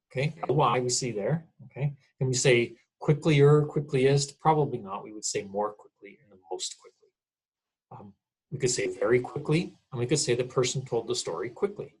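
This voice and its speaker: A man's voice: mid-range voice, slightly rough, rough recording. A middle-aged man, a college English instructor, explains grammar in a casual recorded lecture, often checking in with "okay?".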